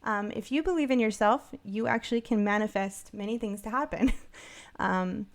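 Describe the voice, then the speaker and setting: Upbeat middle-aged woman rambling on a podcast, lots of ums and restarts, mid pitch. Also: normal speed, creaky. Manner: chatty, upbeat, many fillers and restarts. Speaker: podcast co-host. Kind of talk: casual livestream chat.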